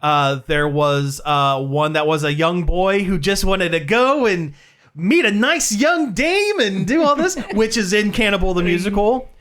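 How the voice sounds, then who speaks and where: A podcast co-host telling an animated story in casual chat, laughing often. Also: mid-range voice, unhurried.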